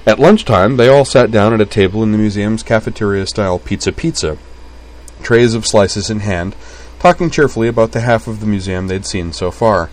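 Man, low voice, reading fiction aloud, even, wry narration. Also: fairly quick.

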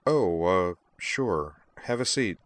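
A man voicing an impulsive young woman student in a storybook reading, urgent and excitable. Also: takes it slowly, no room sound. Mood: flustered. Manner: urgent, excitable, voice jumping higher.

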